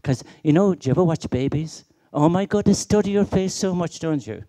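A man's voice: fairly high pitch, lively intonation, a little fast, mellow. A middle-aged man giving a conference keynote, emphatic and full of rhetorical questions and stories. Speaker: keynote speaker.

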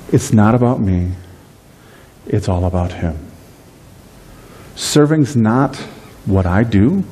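A middle-aged man preaching a sermon as pastor, lively in delivery and slowing down to stress key phrases. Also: lowish voice, slight background noise. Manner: dynamic preaching, slows on key phrases, acts out everyday voices.

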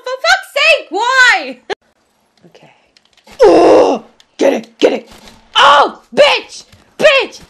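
A woman's voice: fairly high pitch, a bit bright. A young woman swearing her way through gameplay commentary, bursting into shrieks and laughter. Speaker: gaming video host.

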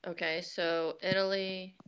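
A woman student in an online class, translating slowly and hesitantly. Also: lowish voice, level tone. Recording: loud noisy call audio.

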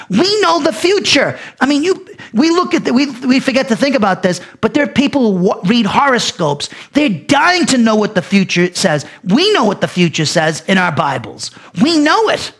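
A male pastor teaching a Bible lesson, speaking emphatically with frequent restarts and sudden loud peaks. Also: very high voice, big pitch swings, moderate pace, breathy edge.

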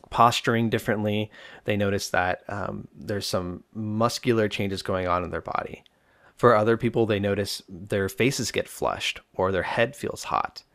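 A male psychologist hosting a self-help podcast, explaining coping steps to the listener in a relaxed, direct way. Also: on the low side, no room sound, studio quality.

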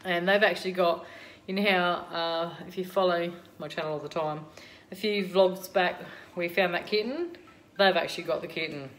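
A woman's voice: lowish voice, moderate pace, few pauses, fairly bright tone. A woman with an Australian accent chatting casually to camera as a vlogger at home, rambling with lots of ums.

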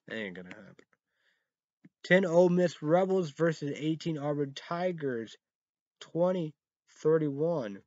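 A man talks through college football results in a loose, rambling way, stumbling over words and circling back with fillers. His voice sits at an ordinary middle pitch, and the recording is dry and a little dull, as if made at home. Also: darkish tone, dry recording. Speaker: show host. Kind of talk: casual sports recap vlog.

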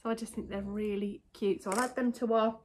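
A woman's voice: medium pitch, steady tone, brisk. Woman, casual haul vlogger, chatty and rambling, faint noise in the room. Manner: rambling, self-interrupting, talks to viewers. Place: home, indoors. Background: faint dog snoring.

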